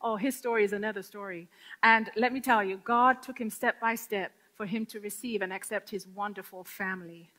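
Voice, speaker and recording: A middle-aged woman giving a lively spoken testimony, storytelling with acted-out quotes. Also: mid-range voice, fairly quick. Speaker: testimony speaker.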